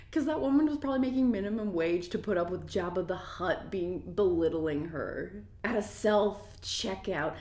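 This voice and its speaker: Young woman, low voice, echoey room, casual swear-heavy rant. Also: fairly quick, darkish tone. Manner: profane, lots of "like" fillers. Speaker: mukbang vlogger. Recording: roomy echo.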